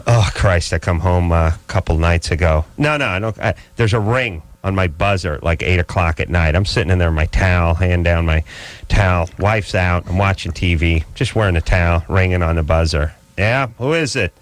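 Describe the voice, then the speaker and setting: A man hosting a radio call-in show, telling stories in a rambling, animated way. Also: low-pitched, fairly quick, dry recording. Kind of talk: casual talk radio banter.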